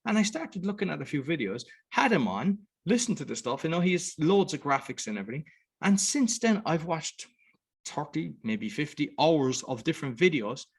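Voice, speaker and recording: Rambling, animated man hosting a podcast. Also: a little high, moderate pace, slightly rough. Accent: Irish. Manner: animated, rambling, voices other people. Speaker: podcast host. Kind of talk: casual conversation.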